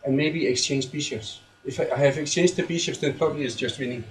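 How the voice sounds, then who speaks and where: A man's voice: fairly high pitch, quick pace, a little hiss or hum, low-quality recording. Hesitant man recalling his game. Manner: hesitant, many fillers. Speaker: chess player talking about his game. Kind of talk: casual post-game chat.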